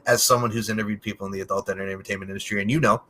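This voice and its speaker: Man, podcast host, casual interview, forceful bright voice, loose chatty delivery. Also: fairly low pitch, fairly even intonation, racing. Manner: loose, chatty, swears casually, laughs often.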